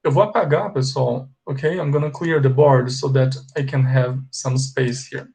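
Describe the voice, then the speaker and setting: A man with a Brazilian Portuguese accent teaches English at a board in an unhurried classroom manner. His voice sits in a middle pitch. He stretches each example word and keeps checking in with his students. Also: steady tone, vocal fry, darkish tone. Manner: explains slowly, stretches example words, checks in with "ok?". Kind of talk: bilingual classroom lesson.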